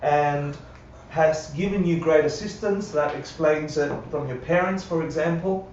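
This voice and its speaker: Slight background noise accompanies a man with a slightly high, somewhat mellow voice who talks a little slowly. Teaching Buddhism live and conversationally, he checks in with listeners often and acts out quotes, heard through distant, roomy, dull livestream audio.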